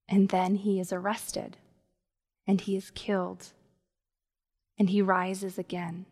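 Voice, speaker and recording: Slow-speaking woman preaching in a reverberant hall. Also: mid-range voice. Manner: warm conversational preaching with soft, hushed emphases. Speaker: pastor. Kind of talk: sermon.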